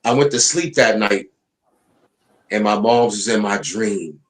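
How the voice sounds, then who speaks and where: Co-hosting a live stream panel, a man with a lowish voice speaks a little slowly but animatedly. He tells stories in casual, slangy, profane chat and acts out the voices of the people he quotes.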